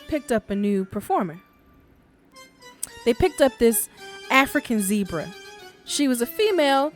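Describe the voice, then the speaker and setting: A woman hosting a podcast, telling folk tales in a casual, chatty way and laughing often. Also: on the high side. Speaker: podcast host and storyteller.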